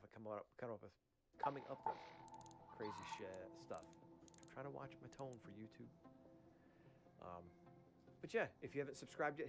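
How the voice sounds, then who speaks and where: A man's voice: medium pitch, a little hiss or hum. A man hosting his own podcast, talking in a rambling, chatty way with lots of asides while he is losing his voice. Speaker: podcast host. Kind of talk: casual podcast monologue.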